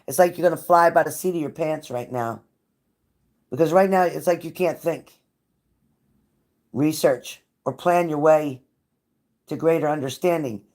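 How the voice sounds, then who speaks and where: A woman's voice: low-pitched, darkish tone. A woman giving a live tarot reading to viewers, blunt and profane, with a pep-talk delivery that repeats phrases for emphasis. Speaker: tarot reader.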